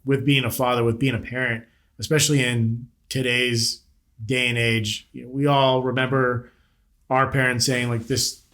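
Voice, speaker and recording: A man's voice: medium pitch, level tone, normal speed, a bit bright. Thirties male podcast host, mid-range voice, blunt, jokey, swears a lot. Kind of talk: casual interview chat.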